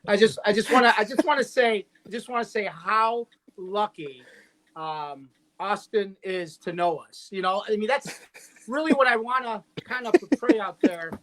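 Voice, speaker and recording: A man's voice: high-pitched, normal speed, a bit bright. A man dialing in over a video call, chatting casually and teasing his friends. He rambles through his stories, stopping and restarting as he goes. He sounds like he is talking from a computer at home. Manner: joking, rambling storyteller with many restarts. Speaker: guest friend calling in.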